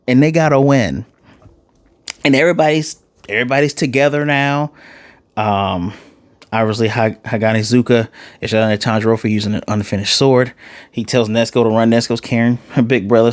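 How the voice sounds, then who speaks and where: A man's voice: fairly low pitch, no room sound. Chatty man recapping an anime episode. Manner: animated, acts out characters' lines in quick asides; loose and chatty, with fillers and self-corrections. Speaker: anime reviewer. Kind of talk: casual episode recap and reaction.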